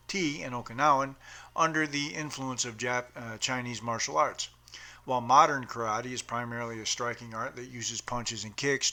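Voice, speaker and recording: A man's voice: medium pitch, bright, forceful tone. A man explaining the history of his martial arts uniform patch, reading aloud carefully, with small stumbles and self-corrections.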